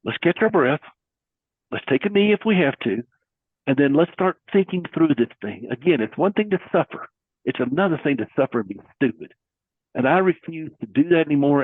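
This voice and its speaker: Middle-aged male guest, earnest and preacherly, slightly high husky voice, dry phone-quality audio. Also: no room sound. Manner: earnest, preacherly, uses folksy metaphors. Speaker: guest caregiver advocate. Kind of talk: conversational interview. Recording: husky voice over a thin phone-like line.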